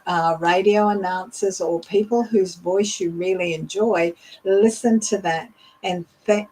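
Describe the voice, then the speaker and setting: A middle-aged woman leadership coach teaching voice techniques in a deliberate, demonstrative way. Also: fairly low pitch, a little mellow, low-quality recording. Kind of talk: instructional talk.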